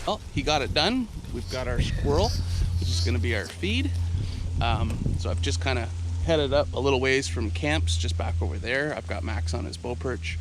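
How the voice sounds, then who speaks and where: A man, a falconer, narrating a casual outdoor hunting vlog, a bit out of breath and excitable when his hawk hunts. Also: medium pitch. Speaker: falconer vlogger. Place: outdoors in fields and woods. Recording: outdoor noise behind the voice.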